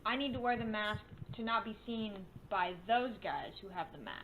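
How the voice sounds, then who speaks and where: A woman's voice: a little high, animated, normal speed, crowd noise. A woman playing in a tabletop game, chatting casually and thinking aloud in questions. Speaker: player. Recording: dull lo-fi audio with faint hiss.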